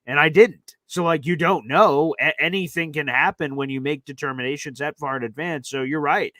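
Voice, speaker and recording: A man's voice: a little high, fairly bright tone, no echo. Chatty young man hosting a sports show. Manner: chatty, quick back-and-forth with callers. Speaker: podcast host. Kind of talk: live sports call-in show.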